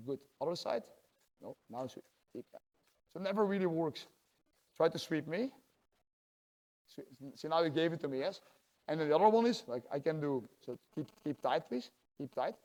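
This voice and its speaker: A talkative male jiu-jitsu coach, a Dutch native speaker, explains technique to a class and keeps checking in with "yeah?". His voice sits a little high for a man. It rings with long reverb, as in a big training hall. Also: darkish tone. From Belgium. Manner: talkative, tags lines with "yeah?", acts out quotes. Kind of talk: teaching a class, casual explanation.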